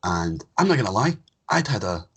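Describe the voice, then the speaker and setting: A young man hosts a podcast in a low, husky voice that swings widely in pitch. He banters loosely and cracks crude jokes throughout the casual chat. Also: sing-song, normal speed, a bit bright. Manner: jokey, bantering, crude humor. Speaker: podcast host.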